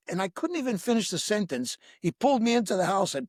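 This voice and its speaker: A man's voice: high voice, quick pace, few pauses, no room sound, clean studio sound. A man, a breathwork teacher and podcast guest, telling a personal story and acting out the dialogue. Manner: lively anecdote with acted-out dialogue. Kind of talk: storytelling in conversation.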